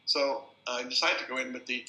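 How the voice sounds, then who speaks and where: An older man, a film director, telling anecdotes at a festival introduction as a lively storyteller who repeats words at restarts. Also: mid-range voice, brisk. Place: festival screening venue. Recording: roomy hall sound.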